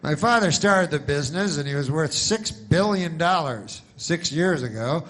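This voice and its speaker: A male comedian putting on a loud, overeager insurance pitchman for old people, a sales patter he keeps laughing through. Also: lively intonation, moderate pace. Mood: salesy.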